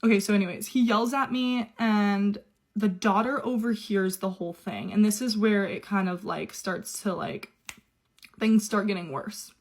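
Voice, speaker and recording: A woman's voice: mid-range voice, moderate pace. A young adult woman telling her own story in a casual way, chatty and run-on, with quoted dialogue.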